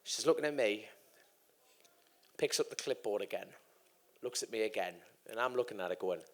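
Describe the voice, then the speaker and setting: A man's voice: on the low side, expressive, moderate pace. A man in his thirties, a guest racer, telling a long sweary anecdote on stage at a live podcast event and acting out the voices of the people in it. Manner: swearing, acts out quoted voices. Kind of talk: animated live storytelling.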